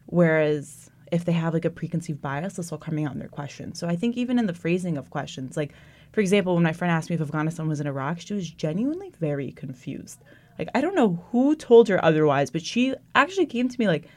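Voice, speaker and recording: A woman's voice: lowish voice, expressive, quick pace. A young woman in casual conversation, frank and wry, telling stories with animation.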